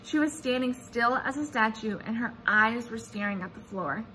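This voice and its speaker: A woman reading a children's chapter book aloud in an animated, expressive storytelling manner. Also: fairly high pitch, normal speed, a little hiss or hum. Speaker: reader.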